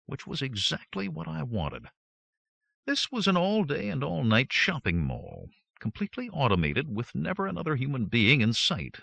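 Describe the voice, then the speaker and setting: A man narrating a first-person audiobook with wry, lively storytelling on a close studio mic. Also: on the low side, gravelly, dry recording.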